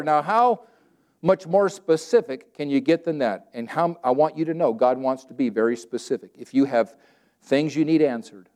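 High-voiced animated man preaching. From Southern California. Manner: animated, conversational preaching with dramatized scripture quotes; plain, everyday wording. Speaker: pastor. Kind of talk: sermon.

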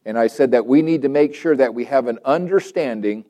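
A male pastor speaks with a mellow, warm tone at an ordinary pitch. He prays and preaches earnestly, stacking repeated phrases and leaning slowly on the words he wants to land. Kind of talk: prayer and sermon.

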